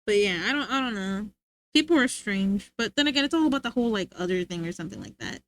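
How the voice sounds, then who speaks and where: A woman's voice: mid-range voice, very animated, fast talker, fairly bright tone, no echo. A young woman livestreamer chatting casually with her viewers, rambling and often giggling.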